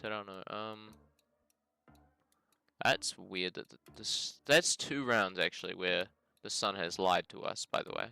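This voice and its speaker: Brief: New Zealand man, gaming host, low-set voice with a crisp, smooth tone, thinks out loud as he plays. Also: a little slow, no room sound. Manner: thinks aloud, hedging and musing, says "bloody" often. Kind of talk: casual game commentary.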